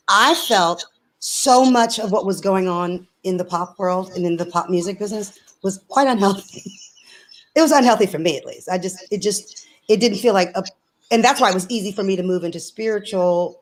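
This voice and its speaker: A woman's voice: on the low side, moderate pace, a little hiss or hum, rough recording. A woman guest on a video call, speaking earnestly and telling a personal story with many restarts. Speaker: interview guest, singer. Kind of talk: casual conversation.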